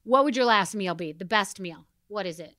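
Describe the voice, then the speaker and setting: A middle-aged woman hosting a podcast, firing off blunt questions in rapid, casual chat and swearing freely. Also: mid-range voice, animated, bright, forceful tone, no room sound, studio quality. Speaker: podcast host.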